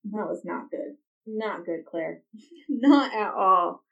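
A woman's voice: mid-range voice, lively intonation, slow pace, vocal fry, a bit bright. A woman hosting a podcast, recapping a TV episode in casual chat with chatty, exasperated asides. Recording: dull, slightly distant lo-fi recording.

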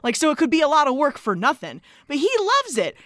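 A woman co-host with a high, bouncing voice gushes through a movie recap, acting out the lines as she goes. Her tone is bright and sharp, and the recording is dry and close on the mic. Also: fairly quick, dry recording. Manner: animated and gushing, acts out quotes. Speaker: podcast co-host. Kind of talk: casual movie recap chat.

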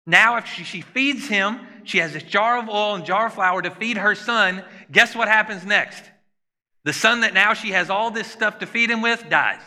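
Bright-voiced male preacher in a reverberant hall. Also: sits high, normal speed. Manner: conversational preaching, asks the congregation questions. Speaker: pastor. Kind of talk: sermon.

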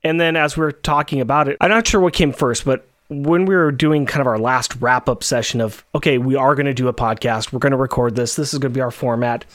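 A man in his thirties co-hosting a podcast, explaining things at length in casual chat with quick restarts. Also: mid-range voice, dry recording, studio quality. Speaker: podcast co-host.

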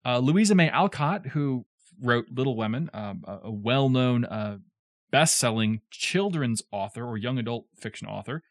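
A man with a lively voice that swings up and down as he explains a novel to his co-hosts, chatty and digressive with little joking asides. The sound is close and dry, with no room around him. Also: mid-range voice, moderate pace, dry recording. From southern United States. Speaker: podcast co-host explaining a classic novel. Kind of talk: casual explanatory chat.

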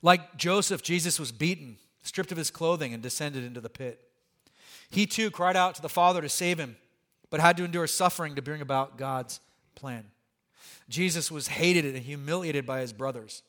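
A man preaches as a pastor, talking through his sermon in an animated, conversational way. His voice sits somewhat high for a man. He drops in light jokes and asides to the congregation. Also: normal speed.

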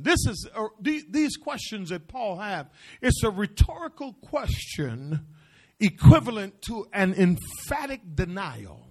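A middle-aged male pastor preaching a sermon, repeating phrases and swinging from hushed asides to shouted declarations. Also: high voice, very animated, a little slow.

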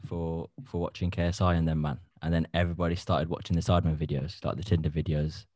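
A man's voice: deep voice, little pitch movement, quick pace, darkish tone, no echo. A man co-hosting a podcast, teasing his friends in casual banter. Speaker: podcast co-host. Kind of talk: casual chat.

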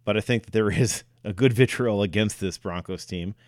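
Low-voiced man in casual sports chat. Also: moderate pace, no room sound, clean studio sound. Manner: hesitant, many fillers and restarts. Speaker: sports podcast co-host.

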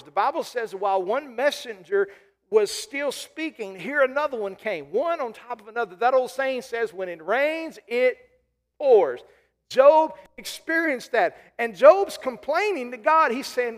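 A man's voice: very high-pitched, big-room sound. A man preaching a sermon as pastor, emphatic, repeating key lines and calling out to the congregation. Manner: emphatic preaching with repetitions and call-outs to the congregation.

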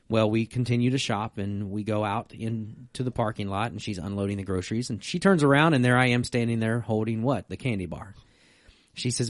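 A middle-aged man, a pastor co-hosting a podcast, chatting casually and telling stories in a relaxed way. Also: fairly low pitch, a little fast, no room sound, clean studio sound. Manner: storytelling, relaxed and conversational. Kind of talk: casual chat.

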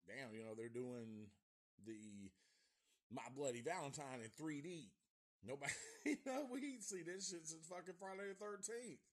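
A man giving a rambling, heavily profane review of an old horror film. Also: mid-range voice. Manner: profane, rambling, restarts often. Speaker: movie reviewer.

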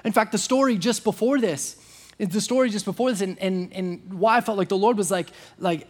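Casual high-voiced young pastor preaching. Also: male voice, a little fast. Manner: conversational, many "like" fillers and restarts, acts out quoted voices. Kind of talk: sermon.

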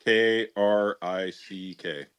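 A man's voice: lowish voice, fairly even intonation, slow pace, smooth, no echo. A middle-aged man hosting a casual podcast chat, sarcastic and jokey. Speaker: podcast host.

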